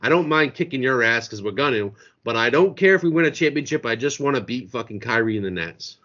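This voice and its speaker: A man's voice: medium pitch, animated, fast, pushed and bright, muffled recording. A man co-hosting a podcast in casual chat, ranting in a heated, profane way from a restaurant. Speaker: podcast co-host. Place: restaurant in a beach town.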